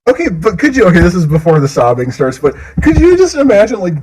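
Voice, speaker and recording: A man's voice: high voice, very animated, fast, a little mellow, breathy edge, poor audio. A man giving mocking, profane reaction commentary on a clip and laughing often, speaking into a desk mic. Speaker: commentary host.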